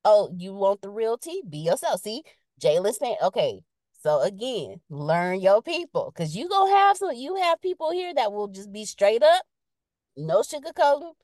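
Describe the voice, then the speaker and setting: Woman on a podcast, aave, real animated and up and down, reading chat comments, dry close sound. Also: medium pitch, normal speed, no echo. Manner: lively, expressive, reads viewer comments aloud. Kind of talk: casual live-stream chat.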